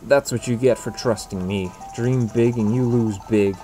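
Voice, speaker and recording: A man voicing a cold, greedy male creature con artist, talking low, smug and sly. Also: steady tone, normal speed, mellow, faint music behind, close to an everyday voice.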